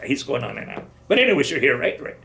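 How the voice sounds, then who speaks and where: Gravelly older man telling war stories. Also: mid-range voice, very animated, quick pace, pushed and bright, slight background noise. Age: 70s. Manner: rambling storytelling, acts out dialogue. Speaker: veteran interviewee. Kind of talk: oral history interview.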